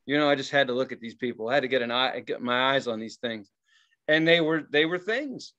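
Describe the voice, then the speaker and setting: A man co-hosting a podcast, telling a story in a casual, profane and animated way and acting out the people in it. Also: medium pitch, brisk, muffled recording. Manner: profane, animated, acts out quoted voices. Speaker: podcast co-host.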